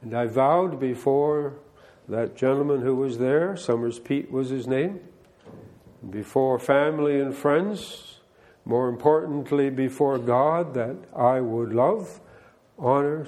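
A man's voice: mid-range voice, takes it slowly, darkish tone. An older man, a pastor, giving a conversational sermon that mixes scripture reading with plainspoken remarks and direct questions to the listeners.

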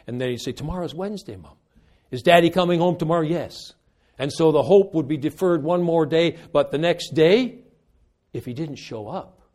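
An older man preaching a sermon and leading a closing prayer, unhurried and folksy, with slow, emphatic phrases. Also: on the high side, darkish tone.

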